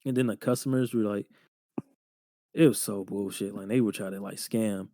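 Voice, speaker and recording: A young man in his twenties, co-hosting a podcast, telling job stories in a casual, profane, animated way full of slang. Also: fairly low pitch, moderate pace, no room sound. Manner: slangy, profane, animated retelling with lots of "bro". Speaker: podcast co-host. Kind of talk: casual storytelling chat.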